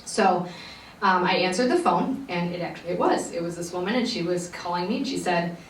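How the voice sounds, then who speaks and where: A woman's voice: fairly low pitch, fairly quick, far from the mic. Earnest woman telling a story in a roomy echo. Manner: earnest, rambling with many fillers. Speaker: podcast host. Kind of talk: personal storytelling. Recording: roomy echo, voice a bit off-mic, faint background noise.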